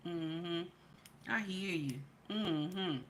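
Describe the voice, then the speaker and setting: A woman hosting a livestream, chatting casually with viewers and reading their comments, animated and tagging "okay?" onto nearly every point. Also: fairly low pitch, extremely slow. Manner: animated, repeats "okay?" constantly. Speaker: livestream host.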